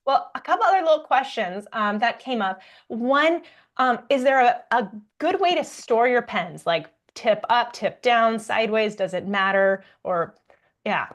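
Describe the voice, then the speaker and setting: A woman's voice: on the high side, animated, a little slow. A woman hosting a live art demo, relaying viewer questions and encouraging the guest. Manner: encouraging, asks follow-up questions. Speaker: host reading viewer questions.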